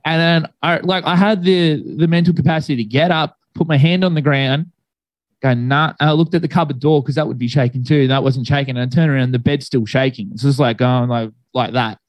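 A man's voice: medium pitch, steady tone, fairly quick, no echo, muffled recording. A young man telling a long story in casual chat, rambling and laid-back with many fillers.

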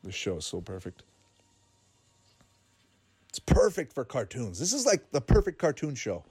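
A man's voice: medium pitch, wildly swooping pitch, measured pace, a little mellow, breathy edge, dry recording, soft background music. A man chatting casually while watching a cartoon, laughing often and thinking aloud with fillers. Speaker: cartoon reaction commentator. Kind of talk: casual watch-along commentary.

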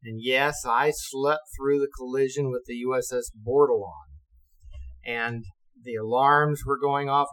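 An older man and retired navy officer casually recounting stories, lively and profane, acting out what others said. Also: medium pitch, unhurried, low-quality recording. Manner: lively, acts out quotes, swears and laughs. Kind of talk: casual storytelling.

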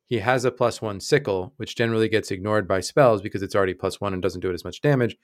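Low-voiced man running a tabletop game. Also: dry recording, studio quality. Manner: measured, explaining rules patiently. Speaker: game master.

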